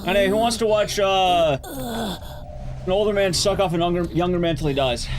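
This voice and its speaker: A man streaming, recapping a film in a casual, sarcastic and animated way. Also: high voice, brisk, slight background noise. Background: background music.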